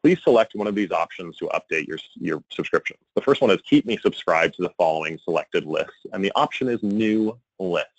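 A man giving a conversational presentation, often checking in with a quick "right?" and rising sharply when he quotes examples. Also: sits low, lively intonation, husky, no echo, poor audio. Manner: conversational, frequent tag "right?". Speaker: conference speaker on email marketing. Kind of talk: presentation talk.

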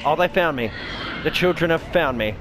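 A man's voice: fairly high pitch, animated, normal speed, music in the background. A man giving foul-mouthed gameplay commentary, jumpy and cursing constantly. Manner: swears constantly, jumpy, shrieks when startled. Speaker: let's player.

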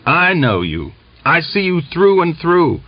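A man playing a furious young Cossack executioner who threatens with contempt and shouts thickly. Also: a little high, very animated, slow, dry recording, voice pushed up, exaggerated voice. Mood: furious threatening. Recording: dull lo-fi dry recording.

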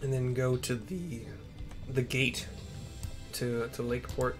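A man's voice: mid-range voice, fairly even intonation, takes it slowly. A man giving casual, rambling commentary while playing a game, often correcting himself mid-sentence, with faint game music behind him. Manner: rambling, self-correcting, chatty asides. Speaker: game streamer.

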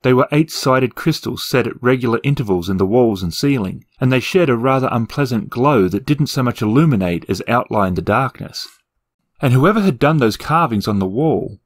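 A man reading a fantasy novel aloud with expressive storytelling and wry asides. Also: mid-range voice. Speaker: narrator and reviewer.

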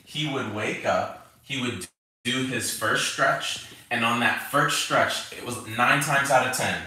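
A man co-hosting a pet vlog, telling stories about his husky in a casual, playful way. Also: mid-range voice, a little slow, sharp tone. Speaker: pet channel co-host. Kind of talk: casual chat to viewers. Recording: very echoey room.

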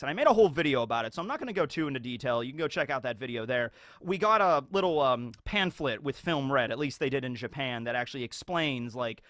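A man giving casual commentary as a YouTuber, rambling and animated, with lots of filler words. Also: a little high, no echo, clean studio sound.

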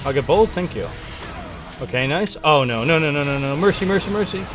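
A young man giving playful, excitable live commentary on his own video game match, trash-talking and hyping himself up. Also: medium pitch, moderate pace, music in the background. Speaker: gaming streamer.

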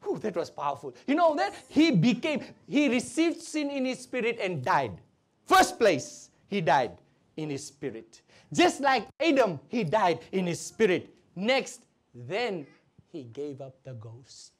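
A woman preaching a sermon, animated and leading the congregation in call and response. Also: mid-range voice, unhurried, slightly rough.

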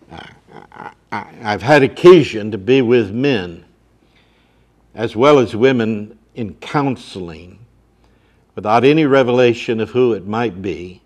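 Man, pastor, church sermon, slow deliberate delivery, scripture read with force. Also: fairly low pitch. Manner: preaching, rising loud on scripture readings.

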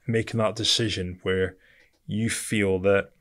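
A man's voice: on the low side, steady tone, unhurried, a bit bright. A man from Britain, a podcast guest telling his story bluntly and candidly, swearing often and calling the host mate.

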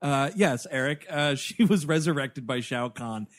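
A man co-hosting a comedy movie podcast, swearing freely and mocking the film in animated bits of quoted dialogue. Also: medium pitch, measured pace. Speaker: podcast co-host. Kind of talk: casual comedy podcast banter.

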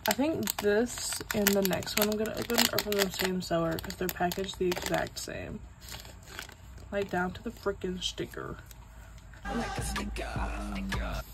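Giggly, chatty young woman with vocal fry. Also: medium pitch, a little hiss or hum, poor audio. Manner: chatty, giggly, rambling with many likes. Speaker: vlogger. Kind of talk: casual unboxing chat.

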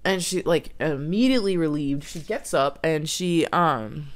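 A woman's voice: sits low, lively intonation, unhurried. A woman casually telling a scary campfire story in a chatty way, full of fillers. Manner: chatty, filler-heavy, lots of "like".

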